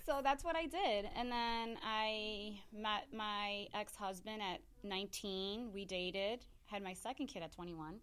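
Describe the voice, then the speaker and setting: A woman's voice: medium pitch, a little slow, hardly any pauses, smooth. A woman in her thirties, a hairstylist guest on a podcast, telling her life story casually and acting out the dialogue she recalls. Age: 30s. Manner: animated storyteller acting out quoted dialogue, laughs often.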